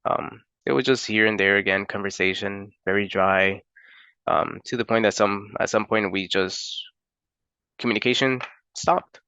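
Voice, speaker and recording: A young man from Florida telling a personal story in a halting, unhurried way with many pauses and fillers. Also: fairly low pitch, bright, forceful tone, smooth, no room sound, muffled recording.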